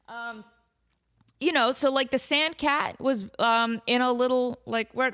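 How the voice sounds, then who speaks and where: A woman hosting a casual comedy podcast, animated and laughing often as she riffs and quotes her cat. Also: a little high, unhurried, clear, resonant tone. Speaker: podcast host. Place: home in desert valley.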